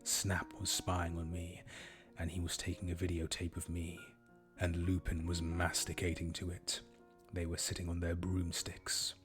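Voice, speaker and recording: A man streaming himself reading fan fiction aloud in a deadpan, low-key way. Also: moderate pace, soft background music. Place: home streaming setup.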